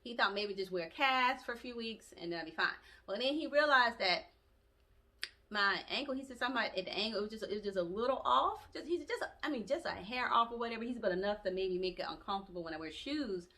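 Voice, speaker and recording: A woman vlogger telling a personal story in a chatty, animated way, with colloquial asides and laughter. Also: medium pitch, fast talker. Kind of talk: casual storytelling to camera.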